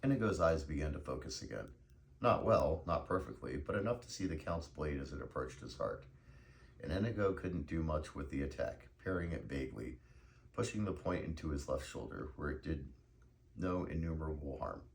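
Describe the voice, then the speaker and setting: A man narrates a novel in a measured, unhurried storytelling manner. His voice is extremely low and gravelly. A faint noise sits under the recording. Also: lively intonation. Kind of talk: reading a novel aloud.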